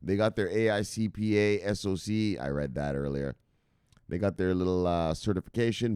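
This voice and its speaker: A male crypto news host in casual livestream chat, shouting out viewers with loud hype catchphrases, swearing and laughing. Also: fairly low pitch, big pitch swings, moderate pace, clean tone, no echo, studio quality.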